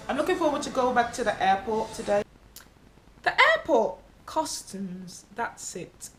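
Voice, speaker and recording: A woman telling a casual travel vlog story, candid and expressive, swearing freely and acting out the people she met. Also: medium pitch, slow pace, soft background music. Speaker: travel vlogger.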